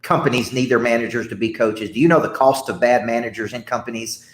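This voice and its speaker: A man's voice: medium pitch, steady tone, fast. Emphatic male coach in an echoey room. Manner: emphatic, repeats himself, tags phrases with "right?". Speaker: business coach, guest. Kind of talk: energetic anecdotal storytelling.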